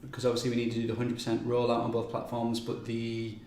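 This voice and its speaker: The game livestream host talks fast in a monotone, his mid-range voice darkish in tone. He covers upcoming events casually, with plenty of ums and stop-and-restart phrasing, recorded in an echoey space with faint noise.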